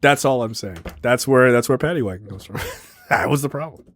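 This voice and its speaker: A man co-hosting a casual movie review chat, chiming in with profane jokes and quick asides. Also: medium pitch, a bit bright, no room sound, clean studio sound. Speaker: podcast co-host.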